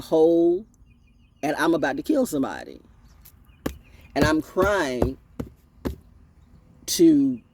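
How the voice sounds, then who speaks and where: A woman's voice: low voice, a little mellow, a little hiss or hum. A woman hosting her own channel as an oracle reader, ranting in a blunt, profane and preachy freestyle way. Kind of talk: freestyle livestream rant.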